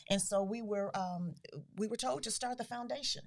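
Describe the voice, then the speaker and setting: A middle-aged woman who founded a grief foundation, speaking earnestly as a podcast guest, with soft, breathy trailing phrases. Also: on the high side, moderate pace, over a noisy crowd. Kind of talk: podcast interview.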